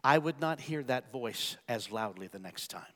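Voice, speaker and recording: A male pastor preaching a sermon, swinging from hushed, quiet passages to loud, emphatic calls. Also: medium pitch, expressive, moderate pace. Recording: long church reverb with soft music.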